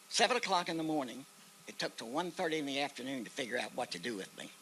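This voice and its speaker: An older man with an Oklahoma accent speaks at medium pitch, very animated and fast, with a bright, forceful tone. As a veteran and guest speaker at an outdoor park memorial ceremony, he tells a personal war story in a folksy way, acting out the quoted voices. The rough recording carries slight background noise.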